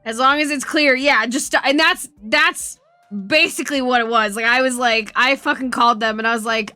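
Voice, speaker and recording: Bright, high-voiced woman streamer. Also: steady tone, moderate pace, no echo, faint music behind. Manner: laughing storytelling, profane. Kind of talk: casual chat.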